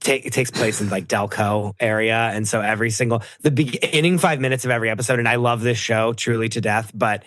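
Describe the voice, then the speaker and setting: A man's voice: fairly low pitch, quick pace, few pauses, fairly bright tone, dry recording. A man guest on a podcast, chatting casually and animatedly, slipping into mock voices while telling stories. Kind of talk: casual chat.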